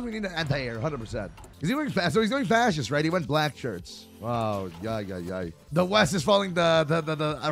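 A young man giving casual, excitable gameplay commentary, swearing and talking to his chat. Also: on the high side, gravelly. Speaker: streamer playing a strategy game.

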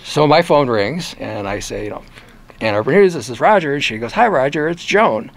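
An older man from Michigan with a local accent, a former reporter recounting interviews in a relaxed, animated conversational way. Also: mid-range voice, brisk. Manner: animated storyteller who acts out quoted voices. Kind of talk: casual storytelling in an interview.

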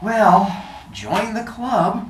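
A woman's voice: medium pitch, very animated, drawn-out words, recorded from a distance, music in the background, pitched above the performer's own voice. A teacher voicing a sarcastic jealous schoolgirl. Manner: sarcastic, exasperated. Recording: echoey classroom with children's chatter.

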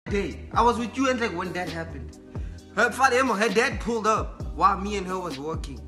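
A young man talks in a high, loose voice, full of slang and filler words as he chats and rambles. Music plays clearly under him. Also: lively intonation, fairly quick, pushed and bright. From South Africa. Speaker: YouTuber host. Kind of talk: casual chat and prank call.

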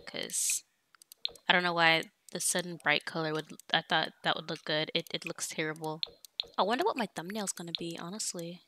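A woman's voice: low-pitched, pushed and bright, slight background noise. A young woman casually commenting on her life-sim game as she plays, chatting to viewers and bossing her characters around. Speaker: let's play streamer.

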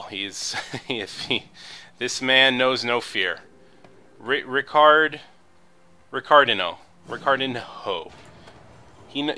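A man chats through his card game in an easy, rambling way, full of fillers and little jokes at his own expense. His voice is bright and edgy. His pitch jumps around a lot whenever something goes wrong. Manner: joking, self-deprecating, rambling with fillers. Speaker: gaming video commentator. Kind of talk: casual gameplay commentary.

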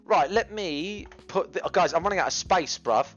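Brash man streaming, lively pitch. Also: moderate pace, muffled recording, soft background music. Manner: brash, rambling, swings loud and animated. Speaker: livestreamer. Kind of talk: casual cooking livestream chat. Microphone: GoPro camera mic.

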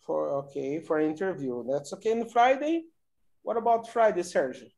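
A man teaching an online English conversation class, coaxing students along slowly with many fillers. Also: fairly high pitch, lively intonation, vocal fry, a little mellow.

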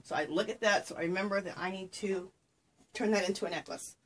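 A woman with a medium-pitched voice talks briskly to her camera, which she set up herself at home. It's an unboxing vlog of craft gifts, full of breathless, gushing delight.

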